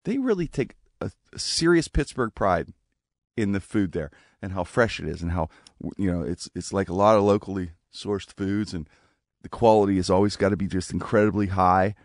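A man telling family stories as a guest on a radio show, with an animated manner that acts out the voices of relatives. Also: low-pitched, moderate pace, dry recording, studio quality. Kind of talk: casual storytelling. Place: radio studio.

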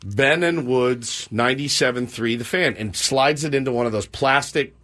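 Speaking at normal speed with a medium pitch, the man hosting this morning sports radio show chats casually through a story. He plays the voices of the people involved like an animated storyteller, and the sound comes from a studio microphone.

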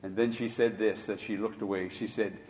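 An older man preaching a sermon as pastor, shifting from hushed storytelling to loud, emphatic exhortation. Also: fairly low pitch, steady tone, a little fast, long reverb tail, a little hiss or hum.

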